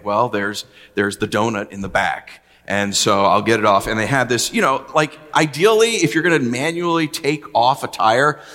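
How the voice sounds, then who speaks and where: Preacher, male, from the US: lively storyteller with a bright tone, reverb of a big room. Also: medium pitch. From United States. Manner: animated storytelling, acting out his own past words. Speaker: pastor. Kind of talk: sermon.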